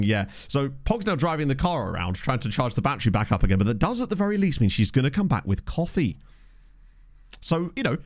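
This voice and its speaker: Male streamer, casual and joking, mid pitch, animated delivery. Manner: rambling, self-deprecating banter with chat. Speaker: gaming streamer. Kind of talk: casual chat over a game. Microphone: desk condenser microphone.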